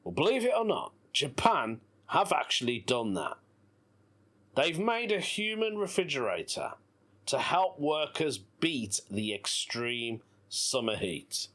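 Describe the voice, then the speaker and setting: Giggly British podcast host. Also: male voice, medium pitch, sing-song, slow pace, a bit bright. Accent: British English. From Britain. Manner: laughs often, playful and giggly. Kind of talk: casual solo podcast chat. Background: faint background music.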